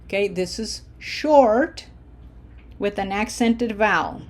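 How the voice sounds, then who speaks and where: A woman teaching Spanish verb endings, drilling each form slowly and encouraging her students. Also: mid-range voice, darkish tone. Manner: slow, deliberate drill pronunciation with encouraging asides. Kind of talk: language lesson.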